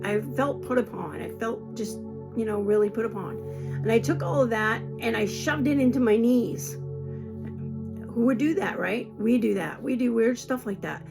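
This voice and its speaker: Woman, 60s, gravelly voice, earnest reassuring spiritual talk, music bed behind. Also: a little high. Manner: earnest, reassuring, repeats herself. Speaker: spiritual teacher. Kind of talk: casual spoken talk. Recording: music playing behind her.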